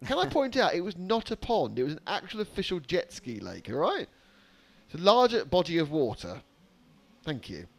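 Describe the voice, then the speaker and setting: A man's voice: sits high, wildly swooping pitch, normal speed, vocal fry. A man giving live trackside race commentary with dry, sarcastic humor.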